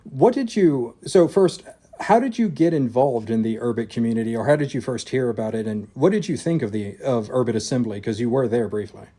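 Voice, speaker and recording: A man from Louisiana hosts a podcast interview in a casual, conversational way. He speaks hesitantly and often restarts his sentences. His voice sits at an average pitch for a man. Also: a little fast, mellow, husky. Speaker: podcast host.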